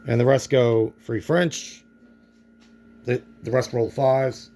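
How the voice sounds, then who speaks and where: A man's voice: medium pitch, fairly even intonation, slow, dark tone, a little hiss or hum. A man narrating his own board game play-through, thinking aloud and reacting to dice rolls.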